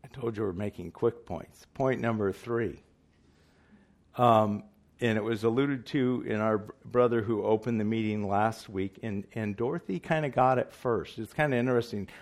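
A man's voice: on the low side, moderate pace. A man preaching a sermon in earnest, emphatic style, asking his listeners questions.

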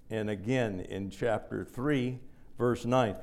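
A man's voice: medium pitch, measured pace, vocal fry, darkish tone. A man preaching a sermon in a teaching manner, often putting a question to the listeners and answering it himself.

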